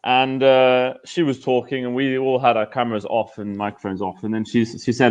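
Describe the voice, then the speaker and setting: A man's voice: mid-range voice, flat delivery, moderate pace, hardly any pauses, smooth, highs cut off. A man hosting a live online show, chatting casually and telling stories with a teasing tone. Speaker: host.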